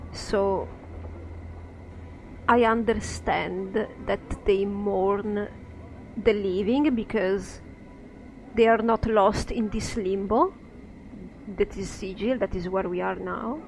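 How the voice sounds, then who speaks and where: A woman giving let's-play commentary, musing aloud in a soft, thoughtful way. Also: mid-range voice, slight background noise, poor audio. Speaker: game streamer.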